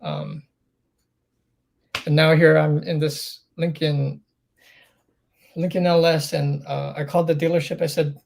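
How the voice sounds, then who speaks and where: Gravelly man telling his story. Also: a little high, little pitch movement, a little slow, pauses often, a little mellow. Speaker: interview guest. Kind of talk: candid storytelling in a podcast interview.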